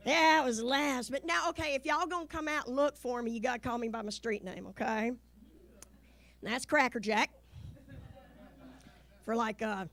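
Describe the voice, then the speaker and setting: A middle-aged woman from the American South with a Southern accent, performing a lively stand-up comedy set on stage and putting on voices for the people she quotes. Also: sits high.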